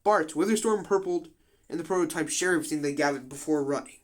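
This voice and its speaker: Slangy, cursing young man with a high voice. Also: a little fast. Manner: swears a lot, slangy, joking asides. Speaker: commentator. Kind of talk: casual commentary on a game simulation.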